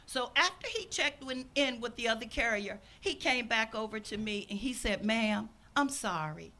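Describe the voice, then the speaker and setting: Bright and forceful, her voice on the high side and at normal speed, an older woman minister gives an outdoor sermon. She tells stories earnestly, acting out the voices of those she quotes.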